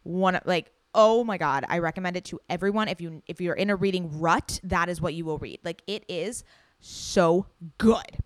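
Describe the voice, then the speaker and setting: A young woman hosting a solo podcast, chatting excitedly and gushing, with casual swearing. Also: on the low side, normal speed, no room sound. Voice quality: loud. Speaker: podcast host.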